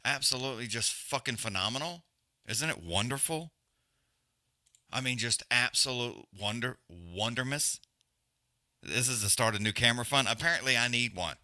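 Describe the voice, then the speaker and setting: A man's voice: mid-range voice, moderate pace, sharp tone, dry recording, clean studio sound. A man hosting a livestream, giving casual, profane, rambling commentary on a fight and griping about stream glitches. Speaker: livestream host.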